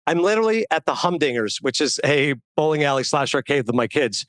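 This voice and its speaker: A man in casual podcast conversation, telling an animated anecdote as a guest author. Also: on the high side, brisk, no room sound. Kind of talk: casual storytelling.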